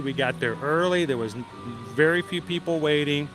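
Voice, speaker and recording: A man's voice: fairly high pitch, a little fast, few pauses. A middle-aged man telling a story casually on a theme park livestream, chatty and self-deprecating, laughing often. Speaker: livestream vlogger. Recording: music playing loudly behind.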